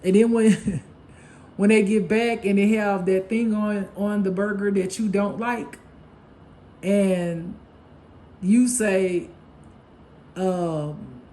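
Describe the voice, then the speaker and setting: Mellow, blunt, laughing tarot reader. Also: mid-range voice, fairly even intonation, slow pace, long pauses. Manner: blunt, profane and laughing, acting out gossip. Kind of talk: casual spiritual reading monologue.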